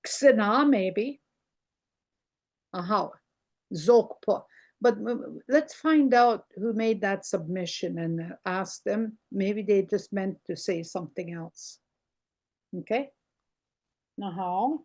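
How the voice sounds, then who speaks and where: An older woman teaching a language lesson over a video call, repeating words slowly and explaining how they sound. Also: medium pitch, darkish tone. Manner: slow, repeats words carefully, explaining pronunciation.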